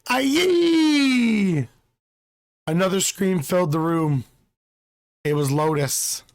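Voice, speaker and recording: A slightly hoarse man hosting a channel, reading a game's story aloud at a steady pace. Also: a little high, unhurried. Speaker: channel host reading a visual novel.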